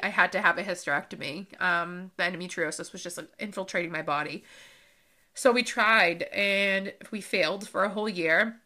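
A woman in her thirties talks through her own life story on a podcast. Her voice is bright and clear, and she speaks in a loose, unscripted way with many fillers. She sounds close to tears at times. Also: mid-range voice. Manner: emotional, with frequent fillers and laughs. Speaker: podcast host. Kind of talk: personal storytelling monologue.

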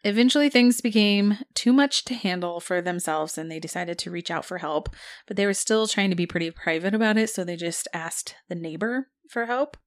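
A woman's voice: on the low side, brisk. Laughing woman telling a ghost story. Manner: narrates a spooky tale casually, laughs often. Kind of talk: casual storytelling chat.

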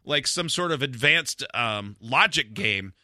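A man's voice: mid-range voice, a little slow, dry recording, clean studio sound. A man hosting a radio call-in show, telling stories in a casual chat and acting out quotes in a raised voice. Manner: animated storytelling, acts out quotes in a raised voice.

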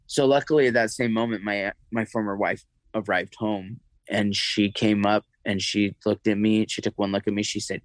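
A man recounting a personal story as an interview guest, halting and emotional, with many restarts and fillers. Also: lowish voice, no echo, rough recording.

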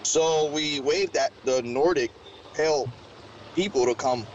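A man's voice: fairly high pitch, a little slow, muffled recording, a little hiss or hum. A man from Mexico telling a story in a rambling, slangy way full of fillers. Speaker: interviewee recounting an encounter. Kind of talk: casual storytelling.

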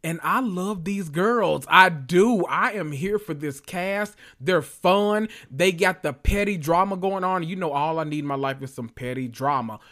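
A man hosting a casual solo podcast, talking in an animated, sassy way with lots of cussing and drawn-out emphasis. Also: high-pitched. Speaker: podcast host.

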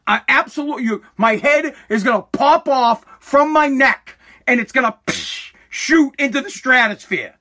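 Angry 40 yr old dude yelling and cussing on his podcast in the basement, high bright voice. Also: lively intonation, normal speed. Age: 40s. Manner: aggravated, swearing, bursts into yelling. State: throat irritated by dust, coughing. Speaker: podcast host. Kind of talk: angry profane rant. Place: home basement studio.

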